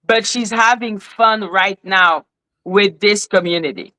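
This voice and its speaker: A woman hosting a live online panel, talking casually with many fillers and trying to calm things down. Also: medium pitch, measured pace, rough recording. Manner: casual, filler-heavy, placating. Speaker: panel host.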